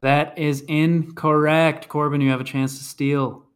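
A man's voice: a little high, level tone, unhurried, clear, resonant tone. A man hosting a casual podcast trivia game, reading clues and announcing scores.

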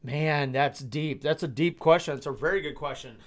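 A man in his thirties from Georgia hosting a live stream Q&A, answering in a reflective, hesitant way with many pauses and fillers. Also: fairly high pitch. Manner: reflective, hesitant with many ums, gets emotional. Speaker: host.

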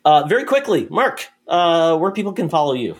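A man's voice: fairly high pitch, sing-song, moderate pace. Male podcast host, jokey and upbeat, casual chat tone. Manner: jokey, wraps up with plugs.

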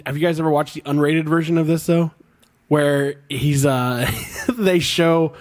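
A man hosting a podcast in casual chat, excitable, swearing and laughing as he retells movie scenes. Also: fairly high pitch, measured pace. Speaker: podcast host.

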